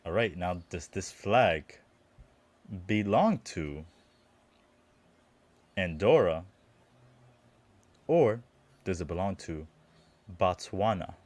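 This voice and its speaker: A man acting as producer and quizmaster, reading out questions in a measured, plain way. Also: low voice, animated, a little mellow, dry recording. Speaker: producer running a quiz. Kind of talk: casual quiz hosting.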